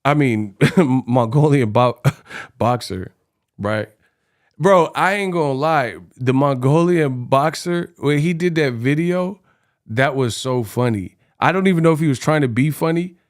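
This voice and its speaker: A man's voice: medium pitch, lively intonation, unhurried. A young man giving casual boxing commentary, slangy and laughing often, calling listeners bro and y'all. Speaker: boxing vlogger.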